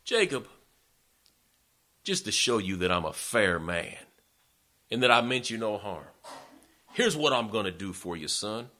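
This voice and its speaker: A man voicing a calm, scheming older man who talks in a smooth, falsely reasonable way. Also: fairly low pitch, unhurried, long pauses, exaggerated voice. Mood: sly.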